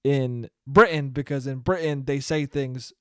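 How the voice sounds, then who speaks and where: A man's voice: medium pitch, a little slow, smooth, dry recording, clean studio sound. A young man hosting a casual solo podcast, rambling in a profane, jokey way. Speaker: podcast host.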